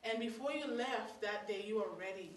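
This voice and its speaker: A woman with a Guyanese accent telling a childhood story live to an audience, lively and acting out the scenes. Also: a little high, moderate pace. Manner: animated, acts out scenes, laughs. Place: hall at a story circle. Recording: roomy hall, mic far off.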